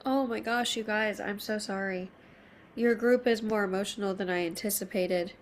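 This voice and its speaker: Emotional, soft-spoken woman tarot reader. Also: mid-range voice, steady tone, a little hiss or hum. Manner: soft, emotional, reassuring, slow at card pulls. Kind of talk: intimate tarot reading to camera.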